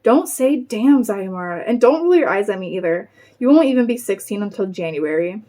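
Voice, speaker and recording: A woman's voice: mid-range voice, expressive, a little fast, dark tone, natural voice. A woman reading the part of a devout teenage girl who teases and scolds her friend. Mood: teasing, scolding.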